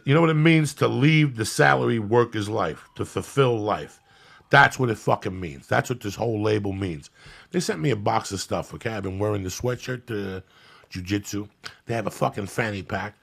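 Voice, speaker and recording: A man hosting a comedy podcast in a studio, ranting loudly with constant profanity. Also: on the low side, normal speed, vocal fry, husky. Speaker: podcast host.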